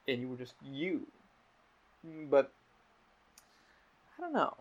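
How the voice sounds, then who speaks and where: A man's voice: mid-range voice, big pitch swings, slow. A young man hosting a podcast, telling rambling stories with lots of swearing. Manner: heavy swearing, rambling storytelling. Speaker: podcast host. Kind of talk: casual podcast chat. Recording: dull lo-fi podcast audio.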